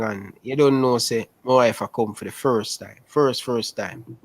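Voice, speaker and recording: A young man with a Jamaican Patois accent, telling his life story in a casual interview over a video call, animated and repetitive. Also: medium pitch, moderate pace. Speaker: interview guest.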